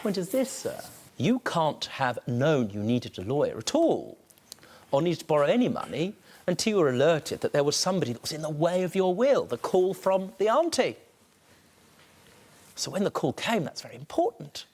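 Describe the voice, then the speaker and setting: A man presides as a TV courtroom judge. He questions in a stern, scolding and theatrical manner, and his pitch rises and falls expressively. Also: big pitch swings, normal speed, a little mellow.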